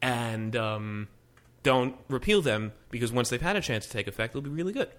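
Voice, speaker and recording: A man co-hosting a casual tech podcast, talking fast and rambling with lots of restarts. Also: medium pitch, fairly bright tone. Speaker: podcast co-host. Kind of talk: casual tech news chat.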